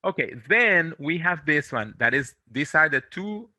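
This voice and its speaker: Animated and a bit high in pitch, a man from America, Latin American with Spanish as his first language, gives an online English pronunciation lesson as a Spanish teacher, with no echo. He drills and repeats syllables slowly, gently correcting and reassuring his student.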